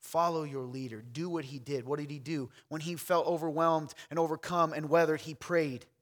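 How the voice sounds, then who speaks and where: A pastor preaching a sermon to a congregation in a church, swinging from loud calls to hushed near-whispers, with conversational asides to the listeners. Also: male voice, fairly high pitch, steady tone, moderate pace.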